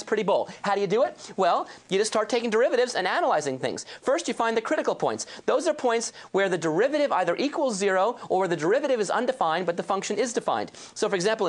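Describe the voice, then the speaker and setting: Fast-talking energetic woman lecturer. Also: mid-range voice. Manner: energetic, enthusiastic, playful asides. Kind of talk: calculus lecture.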